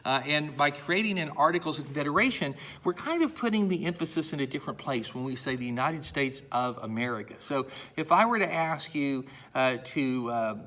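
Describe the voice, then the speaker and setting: A man's voice: mid-range voice, bright, forceful tone. A middle-aged man giving a college history lecture in a conversational way, with many "uh"s and restarts, repeating points for emphasis. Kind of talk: classroom lecture.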